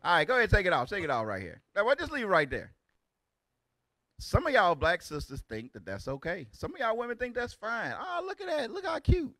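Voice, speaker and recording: A man in his forties delivers animated preaching commentary, his pitch leaping all over as he exclaims and banters in street talk. His voice is bright and sharp and sits fairly high, with a dry, close sound. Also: a little fast, dry recording. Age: 40s. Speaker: teacher of a religious group.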